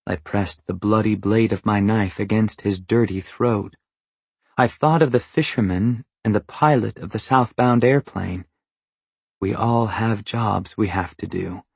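A man reading a novel aloud as narrator, in a measured, even storytelling manner. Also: on the low side, vocal fry, slightly rough, no echo. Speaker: audiobook narrator. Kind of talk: scripted narration.

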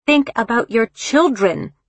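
A woman's voice: mid-range voice, big pitch swings, takes it slowly, fairly bright tone, breathy edge, dry recording, pitched above the performer's own voice, heavily acted. A woman voicing a fretful, disapproving older mother who pleads insistently. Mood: pleading insistent.

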